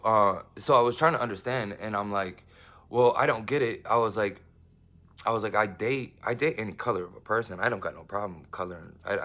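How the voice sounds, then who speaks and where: A man giving a rambling personal monologue, halting with many restarts and fillers, swinging between emphatic outbursts and hushed asides. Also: fairly low pitch.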